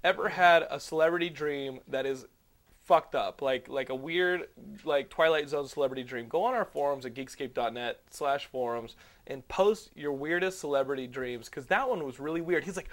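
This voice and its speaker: A slightly high-voiced man hosts a casual podcast and tells rambling stories. He swears freely and keeps the telling lively. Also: normal speed. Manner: profane, rambling and animated storyteller. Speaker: podcast host.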